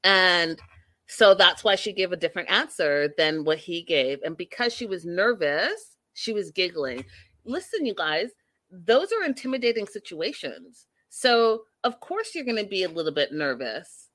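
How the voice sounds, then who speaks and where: Woman ranting about a reality show to her viewers, bright punchy voice, swears a lot, dry close mic. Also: lowish voice, very animated, a little slow, no room sound. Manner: exasperated, blunt, swears freely; acts out quoted people with sudden loud bursts. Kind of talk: casual recap chat to viewers.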